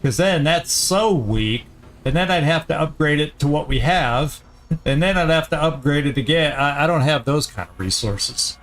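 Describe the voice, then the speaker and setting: A man hosting a let's play, giving casual gameplay commentary as he thinks aloud, often halting and restarting. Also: a little high, expressive, fairly bright tone.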